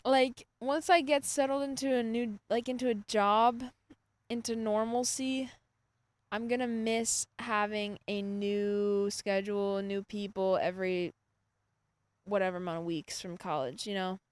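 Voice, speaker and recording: Rambling young woman, smooth voice. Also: medium pitch, fairly even intonation, a little slow, no room sound. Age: 20s. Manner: rambling, full of "like" fillers. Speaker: podcast host. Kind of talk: reflective solo monologue. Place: outdoors in a hammock.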